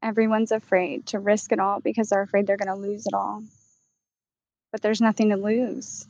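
A woman channeling a calm, wise spirit guide. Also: mid-range voice, no echo, lightly acted. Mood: gentle. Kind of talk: channeling session. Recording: dull, dry, lo-fi sound.

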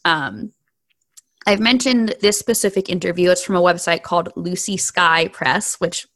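A woman's voice: lowish voice, moderate pace, a bit bright, dry recording, clean studio sound. A woman hosting a music podcast, talking in a conversational, explanatory way with many fillers. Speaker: podcast host. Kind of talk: casual podcast chat.

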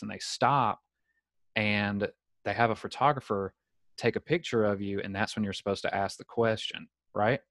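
Low-voiced man telling a story. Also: no echo. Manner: animated storyteller, acts out quoted voices. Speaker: podcast host. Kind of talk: casual storytelling chat. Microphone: video call.

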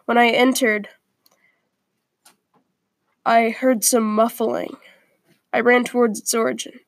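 A woman reading a first-person story aloud in a quiet, earnest way, with small slips along the way. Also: fairly high pitch, flat delivery, slow pace, no room sound.

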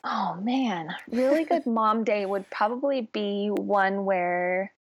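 A woman's voice: mid-range voice, slow pace. A woman in her thirties, a podcast guest, chatting easily and laughing often. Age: 30s. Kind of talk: conversational interview.

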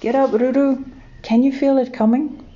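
A woman's voice: high voice, fairly even intonation, moderate pace, warm tone, pitched above the performer's own voice, lightly acted. Eager little kiwi bird, as a woman puts her on. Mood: urging. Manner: urgent, coaxing. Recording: dull lo-fi recording.

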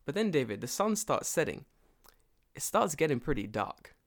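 A man's voice: a little high, big pitch swings, moderate pace. A man telling a story in casual chat, swearing often, laughing, and acting out both sides of a phone call. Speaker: storyteller in a conversation. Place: lives and works in Japan.

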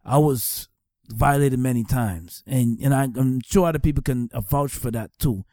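A middle-aged man gives earnest personal testimony, circling back over his words for emphasis. His voice is warm and mellow. It sits dry and close, with no room around it. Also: medium pitch, normal speed, no echo. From New York, Staten Island. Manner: earnest, repeats phrases for emphasis. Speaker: speaker giving testimony.

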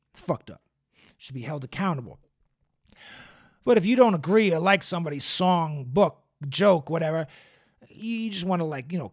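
A man talks through a casual solo podcast in a slightly higher-than-usual voice. He rambles and swears freely, padding his thoughts with fillers and restarts. He sounds like he is seated at a desk mic. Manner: loose, profane, rambling with frequent fillers. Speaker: podcast host. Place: indoors, seated in a squeaky chair. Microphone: camera and studio mic.

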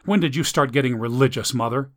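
A man's voice: medium pitch, fast, natural voice. A man voicing a sarcastic, exasperated adult daughter.

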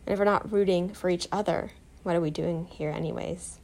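Calm woman guiding a meditation. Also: on the low side, brisk. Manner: soft, calm and encouraging. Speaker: meditation guide. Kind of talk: guided self-compassion meditation.

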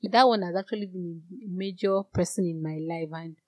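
A woman telling her own story in an earnest, direct way, growing animated and indignant at times. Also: on the low side, a little fast, no room sound. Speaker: guest sharing a personal story. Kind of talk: candid personal testimony.

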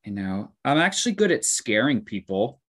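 A man co-hosting a podcast in easygoing chat. He teases and rambles from one thought into the next. His voice sits at an ordinary, middle pitch. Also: very animated, normal speed, a bit bright. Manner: teasing, rambling. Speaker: podcast co-host. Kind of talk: casual chat.

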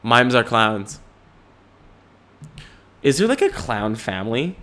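A man's voice: medium pitch, big pitch swings, slow pace, fairly bright tone. A man in his twenties hosting a podcast, rambling in goofy, profane chat and slipping into silly voices. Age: 20s. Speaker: podcast host.

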